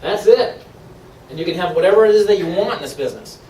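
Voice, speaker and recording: A man from Maine giving an upbeat, persuasive sales pitch to a live room, laughing often. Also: animated, fast talker, dark tone, reverberant, recorded from a distance, slight background noise, low-quality recording. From Maine, USA. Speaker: presenter at a sales meeting. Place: meeting room.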